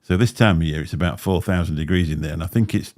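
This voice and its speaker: Man, very low pitch, slight lisp, rambling chatty host. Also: fast talker, darkish tone. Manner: rambling, chatty, laughs often. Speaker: livestream host. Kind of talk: casual chat. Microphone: desk microphone.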